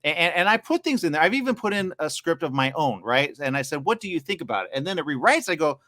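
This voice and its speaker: A man hosting a live interview, rambling and excitable, acting out the conversations he has had. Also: a little high, fast, dry recording, studio quality. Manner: rambling, excitable, acts out quoted exchanges.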